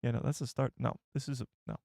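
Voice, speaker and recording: A man's voice: medium pitch, flat delivery, quick pace, vocal fry, darkish tone, no room sound, clean studio sound. A man hosting a casual live stream, thinking aloud as he reads chat and searches for things. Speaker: livestream host.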